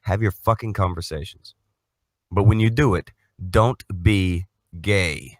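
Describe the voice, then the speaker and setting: A man with a fairly low voice rants through a talk-show livestream and swears freely as he scolds the chat. The sound is dry and close, with no room around it. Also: unhurried, no room sound. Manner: profane, ranting, scolding the audience. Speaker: co-host.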